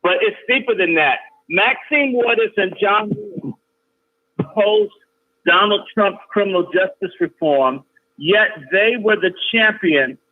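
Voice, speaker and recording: A man calling in as a guest, talking emphatically and repeating his points forcefully. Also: sits high, animated, a little slow. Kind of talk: heated call-in talk. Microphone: phone call. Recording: tinny phone line.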